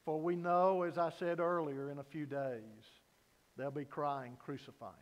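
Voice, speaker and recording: Pastor, male, high voice, unhurried delivery, earnest sermon in a reverberant sanctuary. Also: little pitch movement, muffled recording. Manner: earnest preaching, rising to loud emphasis then dropping low. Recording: long hall reverb.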